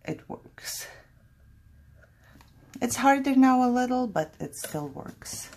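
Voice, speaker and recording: A woman's voice: high voice, animated, unhurried, a little mellow. A woman hosting a casual craft tutorial, chatty and thinking aloud, laughing at her own mistakes as she works.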